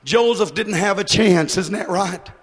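A male preacher delivering a sermon emphatically, shouting and then dropping low. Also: a little slow, husky. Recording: echoey hall.

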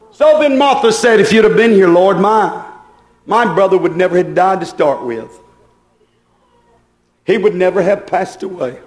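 A man with a high voice delivers a sermon, rising into fervent pleas and circling back to the same questions again and again. The sound rings with the echo of a big room. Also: a little mellow. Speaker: preacher.

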